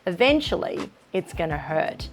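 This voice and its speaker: In an instructional video with faint music behind her, a woman gives early childhood teachers practical, encouraging, down-to-earth advice. Her voice is on the low side and sing-song at a moderate pace, and she demonstrates read-aloud intonation.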